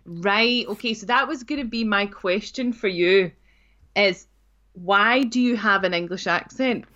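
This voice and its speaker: A woman's voice: medium pitch, measured pace, pushed and bright, muffled recording. A woman with a Scottish accent, co-hosting a podcast in casual, playful chat full of asides. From Scotland. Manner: chatty and giggly, with playful asides. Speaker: podcast co-host.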